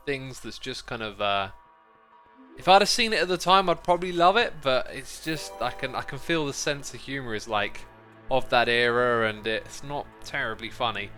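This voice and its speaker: Streamer host, man, bright and bouncy delivery, chatty and easily distracted, faint music underneath. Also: medium pitch, expressive, moderate pace, smooth. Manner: chatty, playful, easily sidetracked. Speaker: livestream host. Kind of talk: casual gameplay livestream commentary.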